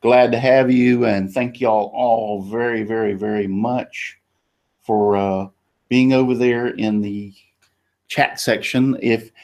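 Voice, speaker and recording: A man's voice: fairly low pitch, steady tone, slow, a little mellow. A man from Florida with a Southern drawl, hosting a casual panel chat in a folksy, chatty way. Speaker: host.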